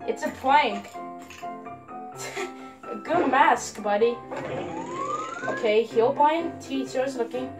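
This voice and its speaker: Name: excitable high-voiced female reactor. Behind: loud music. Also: slow, pauses often, low-quality recording. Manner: excitable, chatty, talks back at the screen. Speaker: reaction video host. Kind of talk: casual reaction commentary. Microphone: headset. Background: music from the video being watched.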